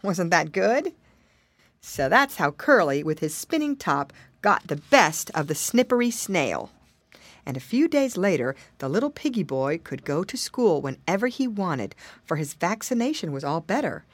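Expressive woman reading a children's story. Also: fairly low pitch, moderate pace, no echo. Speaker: audiobook reader. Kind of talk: storybook narration.

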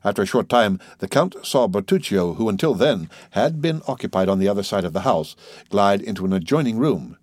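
A man narrating a classic novel audiobook in a steady, even storytelling voice. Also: on the low side, fairly quick, no echo, clean studio sound.

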